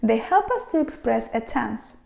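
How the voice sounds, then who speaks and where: A woman giving a scripted English grammar lesson, speaking clearly and measuredly and acting out the rise and fall of example questions. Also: on the high side, big pitch swings, normal speed, a little mellow. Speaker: English teacher. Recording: roomy voice-over with faint music.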